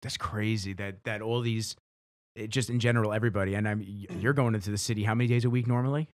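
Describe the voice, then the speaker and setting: A man's voice: on the low side, steady tone, quick pace, dry recording. A man hosting a podcast in casual chat, joking and talkative. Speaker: podcast host.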